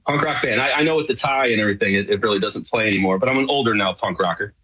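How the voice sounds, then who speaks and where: A man's voice: on the low side, very fast, sharp tone, husky, highs cut off. A middle-aged man from New York, a guest in a casual radio interview, chatting and rambling with many fillers. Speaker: guest, show host.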